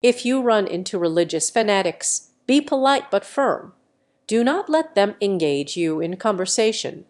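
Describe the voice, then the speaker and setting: A woman reading as a calm male spiritual teacher. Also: medium pitch, normal speed, close to an everyday voice. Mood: solemn. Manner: pacifying, solemn instructions.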